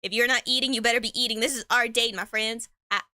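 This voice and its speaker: Bright-voiced young woman chatting while eating. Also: fairly high pitch, fairly even intonation, quick pace, no room sound, studio quality. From Mexican heritage. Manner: chatty and rambling, stumbles over words, slangy, laughs often, talks with mouth full. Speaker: streamer. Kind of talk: casual chat while eating.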